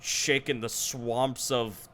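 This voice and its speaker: Wry, bright-voiced male streamer. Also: medium pitch, flat delivery, slow, slight background noise. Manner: wry, joking asides. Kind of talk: live game playthrough reading dialogue.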